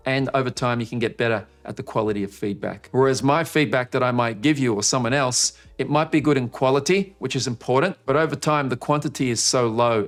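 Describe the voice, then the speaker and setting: A man giving a live online coaching session to camera, talking in an energetic way with sudden jumps in pitch to make a point. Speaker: marketing coach. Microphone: speaking to camera.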